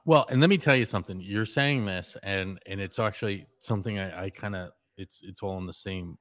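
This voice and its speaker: A man's voice: low-pitched, a bit bright, no echo. A man co-hosting a podcast, chatting casually and agreeing readily. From New Jersey. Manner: chatty, agreeable, quick back-channel replies. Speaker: podcast co-host. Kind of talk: casual chat.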